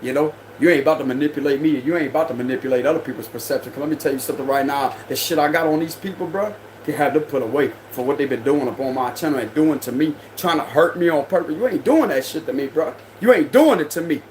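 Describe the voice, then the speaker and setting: A man's voice: a little high, fast, hardly any pauses, a little mellow, a little hiss or hum, poor audio. A young man reading tarot on a livestream, ranting in a heated, confrontational, slangy way. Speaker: tarot reader. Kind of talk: livestream rant.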